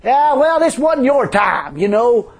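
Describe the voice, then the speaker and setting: A man's voice: very high-pitched, very animated, a little slow, gravelly, husky, pitched above the performer's own voice, heavily acted. A man preaching voices a mocking male evil spirit that taunts and cackles. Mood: taunting. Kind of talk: sermon.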